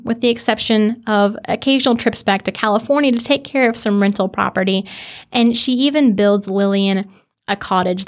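A woman telling a true history story on a podcast in an earnest, conversational way, slowing down for dramatic emphasis. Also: medium pitch. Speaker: podcast narrator.

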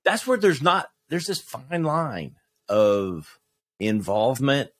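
A man who is a podcast guest, talking in a reflective, halting way with many restarts. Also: mid-range voice, big pitch swings, no room sound, clean studio sound. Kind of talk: casual conversation.

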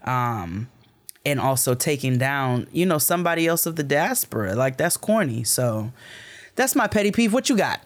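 A man telling a story in casual chat, animated and emphatic, swearing freely. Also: mid-range voice, moderate pace. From United States.

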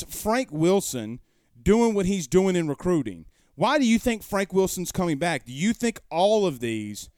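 Emphatic man, smooth dry voice. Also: high-pitched, a little mellow, no echo. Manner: emphatic, argumentative, rhetorical questions. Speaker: sports talk show host. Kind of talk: casual live-stream commentary. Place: home room.

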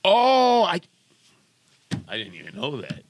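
A man's voice: sits high, huge pitch swings, slow pace, a little hiss or hum. A middle-aged man, hosting a casual podcast with showy broadcaster patter. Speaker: podcast host, father. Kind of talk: casual radio-style chat.

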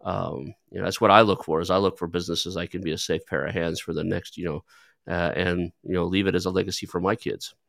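Deep-voiced man telling rambling stories. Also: little pitch movement, fast talker, vocal fry, a bit bright, dry recording, clean studio sound. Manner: rambling, storytelling with filler words. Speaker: podcast host who buys businesses. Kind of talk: casual conversational interview.

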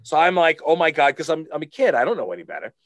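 A man's voice: on the high side, big pitch swings, rapid-fire, no room sound. A man, a podcast guest, telling a casual story full of fillers and restarts. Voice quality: rambling with many fillers.

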